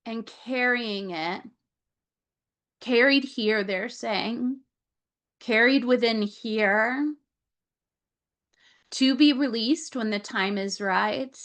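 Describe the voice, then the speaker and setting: A woman's voice: a little high, very slow, long pauses, a bit bright. A woman on a video call giving an Akashic Records reading, repeating words and relaying what she is shown.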